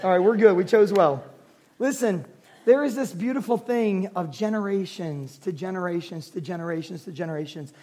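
A man's voice: high voice, darkish tone. A man in his forties preaching a sermon, mixing funny family stories with earnest appeals. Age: 40s. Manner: humorous storytelling, earnest preaching. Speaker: pastor.

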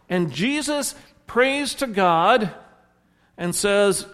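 A man preaching a sermon speaks slowly in a high, slightly bright voice that is very animated. He recounts a story and voices each character's lines, with long hall reverb on the audio.

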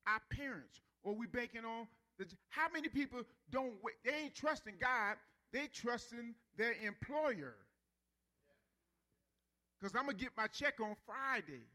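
Bright-voiced high-pitched preacher man. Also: expressive. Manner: preaching with rising intensity, drawn-out emphasis. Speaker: pastor. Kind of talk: sermon.

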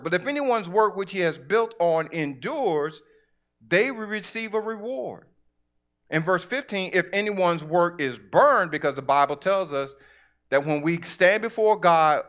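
A man preaches to his church in a relaxed, conversational way. He drifts into acted-out asides as he talks. The recording sounds dull and muffled. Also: sits high, normal speed. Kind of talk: sermon.

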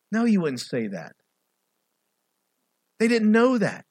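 A middle-aged male pastor preaching an animated sermon, swinging between loud, raised passages and quiet asides. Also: high voice, normal speed, long pauses, no room sound.

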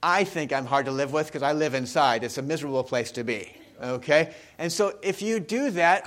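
A man's voice: a little high, lively intonation, moderate pace, fairly bright tone. A male pastor giving a sermon in a conversational way, often putting questions to the congregation.

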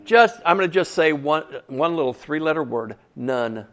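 In a slightly high, somewhat bright, animated voice at a moderate pace, a pastor preaches his sermon like a conversation. He keeps asking the congregation questions and repeats key phrases to emphasize them.

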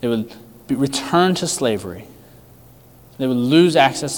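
A man preaching a sermon with emphatic rhetorical questions, his delivery swinging between loud and hushed. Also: medium pitch, animated, unhurried, pauses often, long reverb tail. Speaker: pastor.

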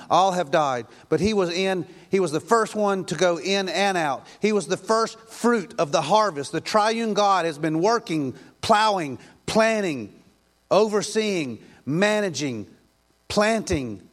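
A man's voice: sits high, lively intonation, measured pace. A male pastor preaching a sermon in an emphatic, repetitive way, with rhetorical questions.

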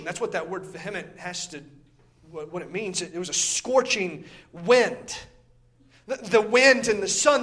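Preaching with passion, a man reads scripture in archaic phrasing, his voice rising loud and then falling low as he repeats his words again and again.

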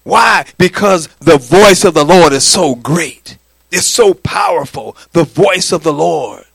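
A middle-aged man preaching a sermon, swinging from loud declarations to hushed lines and calling for the congregation's answer. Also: a little high, lively intonation, a little slow, gravelly, slightly rough, no room sound. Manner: calls for congregation response. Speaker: pastor.

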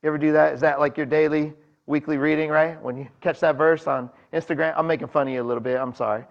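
A man's voice: fairly high pitch, steady tone, quick pace, gravelly, highs cut off. A man preaching a sermon in a conversational way, talking to the congregation and acting out voices from the story. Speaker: pastor.

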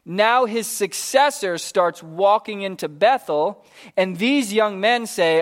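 A man preaching a sermon, telling a Bible story with animated, casual acted-out voices for its characters. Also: sits high, takes it slowly.

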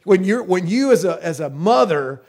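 US male pastor, high-pitched, folksy sermon delivery, repeats himself and says hallelujah often. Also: lively intonation, moderate pace, a little mellow. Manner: folksy, repetitive, with frequent hallelujahs and amens.

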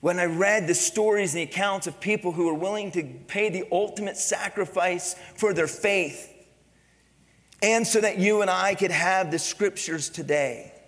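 A man's voice: high-pitched, normal speed, fairly bright tone, long reverb tail. A man preaching a sermon as pastor, leaning hard on quoted verses and quizzing his congregation with questions. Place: church sanctuary.

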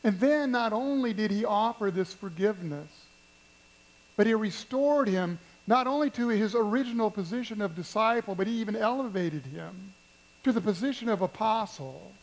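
A pastor preaching a sermon at a church service, telling stories and addressing the congregation with emphasis. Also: male voice, high-pitched, lively intonation, normal speed, low-quality recording. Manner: storytelling, emphatic, speaks to the congregation.

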